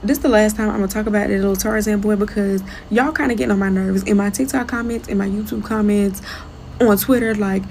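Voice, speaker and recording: A woman's voice: mid-range voice, fairly even intonation, quick pace, creaky, over music, poor audio. A woman from the United States delivering a heated, emphatic rant, repeating her points for force. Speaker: commentator. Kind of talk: heated social media rant.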